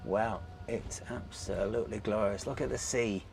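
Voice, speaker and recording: A man's voice: fairly low pitch, normal speed, gravelly, hardly any pauses, noisy background. A man hosting a travel vlog, chatting enthusiastically about the scenery while he drives. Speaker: vlog host. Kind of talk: casual travel commentary while driving. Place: inside a small electric car on village streets.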